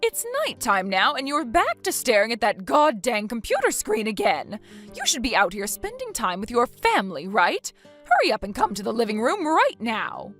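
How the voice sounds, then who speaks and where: A woman's voice: a little high, huge pitch swings, normal speed, fairly bright tone, soft background music, heavily acted. A woman voicing a bossy, nagging mother-in-law who scolds and belittles, in a text-story dramatization. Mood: scolding.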